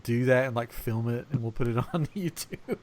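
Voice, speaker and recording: A man's voice: mid-range voice, moderate pace, a crowd in the background. A man hosting a podcast in casual chat. He is upbeat and teasing, and he often laughs. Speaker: podcast host.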